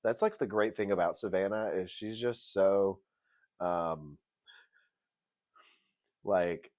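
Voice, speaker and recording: A man hosting a casual TV review show, animated and jokey, swinging between loud bursts and mutters. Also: deep voice, slow pace, pauses often. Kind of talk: casual commentary.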